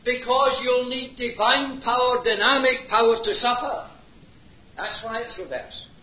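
A preacher delivering an impassioned sermon, swinging between hushed and loud passages. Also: male voice, extremely high pitch, unhurried. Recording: lo-fi roomy hall recording.

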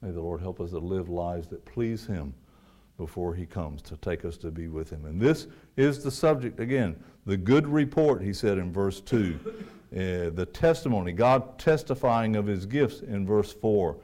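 A man preaching a sermon, rising to loud emphatic peaks and dropping to quiet, low asides. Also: animated, normal speed.

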